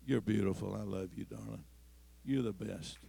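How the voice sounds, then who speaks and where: A man preaching a sermon as pastor, moving between quiet storytelling and loud, climbing declarations. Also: on the low side, normal speed, vocal fry, husky. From Missouri. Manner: swings from soft storytelling to loud, rising preaching.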